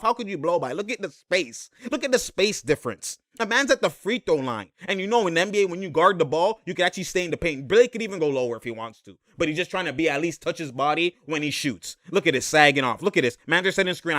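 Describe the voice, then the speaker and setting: A man giving a slangy, excited breakdown of basketball game film, laughing often and repeating himself. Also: a little high, dry recording, clean studio sound.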